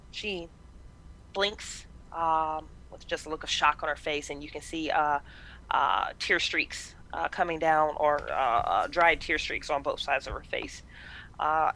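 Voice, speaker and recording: A woman narrating as game master of a tabletop game, with many pauses and fillers. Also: sits low, fairly bright tone. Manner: hesitant, lots of fillers.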